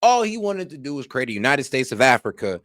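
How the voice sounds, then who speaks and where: A man's voice: medium pitch, big pitch swings, quick pace, a bit bright, dry recording, studio quality. A man co-hosting a reaction video, chatting in a casual, slangy way and firing off rhetorical questions. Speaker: co-host reacting.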